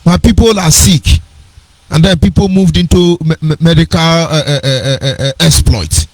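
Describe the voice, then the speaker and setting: A man's voice: on the high side, moderate pace, dry recording, poor audio. A middle-aged man with a Nigerian accent, giving an earnest personal storytelling talk on a radio program, digressive and with sing-song emphasis.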